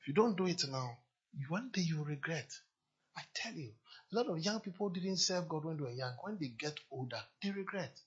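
A man's voice: on the high side, lively intonation, brisk, slightly rough, highs cut off. A man preaching a sermon as a pastor, speaking emphatically and repeating his exhortations to the congregation.

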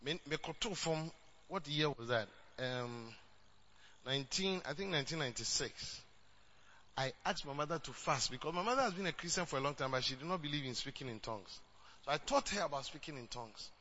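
A man with a Ghanaian accent preaching a sermon as a pastor, switching between English and Twi and rising to shouts. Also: a little high, expressive, a little fast, dull audio, slight background noise.

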